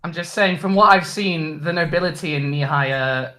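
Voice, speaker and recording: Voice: medium pitch, normal speed, sharp tone. A player in a tabletop game, asking questions in character. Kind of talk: tabletop game role-play.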